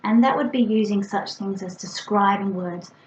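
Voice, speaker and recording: Speaking to parents at a normal speed, a middle-aged speech pathologist with a medium-pitched, darkish voice explains patiently and slips into over-the-top, playful sound demos. There's a little hiss or hum, and the recording is roomy, slightly dull, with faint ambience.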